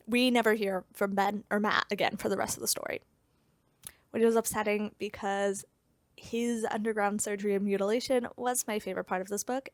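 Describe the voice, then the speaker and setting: A woman's voice: medium pitch, no room sound, studio quality. A young woman giving a casual, blunt plot recap of a book, with profanity and sarcastic asides. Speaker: book reviewer.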